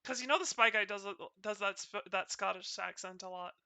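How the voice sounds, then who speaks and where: During a casual stream, a woman with a North Carolina accent banters with friends and her audience, frequently stumbling as she talks. She's a VTuber with a mid-range voice, fairly quick, pushed and bright, and there's no echo.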